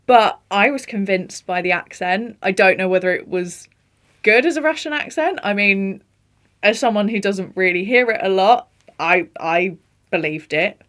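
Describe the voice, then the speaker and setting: A young woman hosts a casual film review chat, gushing and animated as she runs through her favourite performances. She laughs often and lets her excitement spill over, with a voice sitting at an ordinary middle pitch. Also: moderate pace. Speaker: film vlogger.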